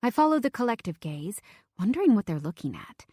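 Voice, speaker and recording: A woman's voice: mid-range voice, sing-song, fairly quick, mellow, no room sound. Dry close young woman narrating. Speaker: audiobook narrator. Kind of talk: first-person romance audiobook narration.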